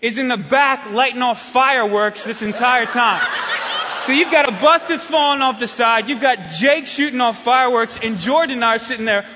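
Excitable high-voiced young preacher. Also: male voice, moderate pace, noisy background. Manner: animated, builds to excited shouting while telling a story. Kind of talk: sermon with storytelling. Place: church hall. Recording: dull sound, long hall reverb.

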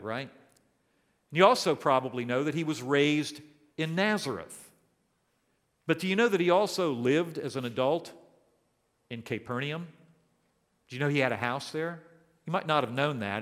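A man's voice: a little high, fairly bright tone. Preaching man in a reverberant hall. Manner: asks the congregation probing questions. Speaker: pastor. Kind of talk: sermon.

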